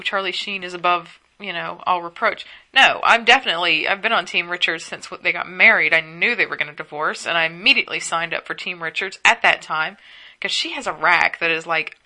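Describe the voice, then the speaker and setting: Young woman host, bright tense voice, a little low, sleepy and gossipy solo chat from home. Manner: chatty, gossipy, rambling with asides. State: sleepy, yawning. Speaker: podcast host.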